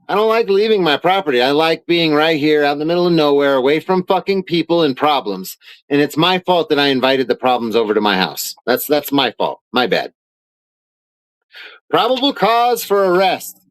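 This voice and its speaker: An indignant man rants on a live stream from his home studio, swearing freely as he reads out legal papers. His voice sits a little high for a man, and the sound is dry and close with little room echo. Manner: indignant, swearing often, reads documents aloud. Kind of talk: angry live-stream rant.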